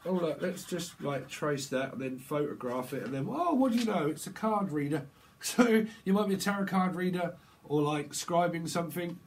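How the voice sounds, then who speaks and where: A man giving a casual, rambling tarot reading, breaking into quick acted-out exchanges full of slang. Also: fairly high pitch, a little hiss or hum, poor audio. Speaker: tarot reader.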